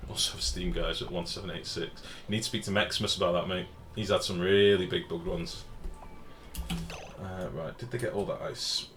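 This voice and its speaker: A man's voice: low-pitched, fairly even intonation, normal speed, a bit bright, soft background music. A man chatting casually as he streams a game, answering viewers and swearing now and then. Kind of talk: casual live-stream commentary. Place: home room with the window open. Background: faint outdoor street noise.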